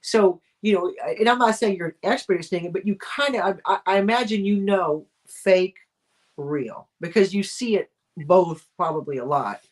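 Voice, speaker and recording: An American woman hosting a relaxed live video chat. She talks casually and chattily, starts sentences over and over, and laughs often. Her voice is mid-pitched and sits in an ordinary range. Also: moderate pace. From United States. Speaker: host.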